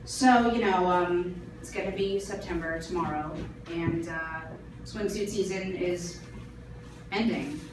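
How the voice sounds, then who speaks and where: Wry woman doing stand-up in an echoey theater. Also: fairly low pitch. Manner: self-deprecating, wry, drawn-out pauses. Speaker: stand-up comedian. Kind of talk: live stand-up set. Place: small theater stage. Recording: echoey theater from far off with loud ambient noise. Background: audience laughter.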